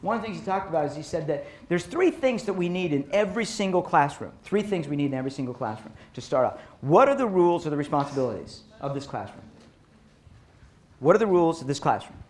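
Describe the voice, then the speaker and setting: A middle-aged man giving a professional development talk to educators, telling lively stories and acting out teachers and kids. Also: a little high, fast. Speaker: speaker on child behavior for educators. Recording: roomy echo.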